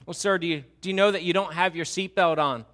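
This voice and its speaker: A man voicing a calm, polite traffic officer speaking in a matter-of-fact way. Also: high voice, fast.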